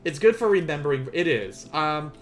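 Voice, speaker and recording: A young man teaching a casual beginners' language lesson on a live stream, playful and chatty, often laughing at his own asides. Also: fairly high pitch.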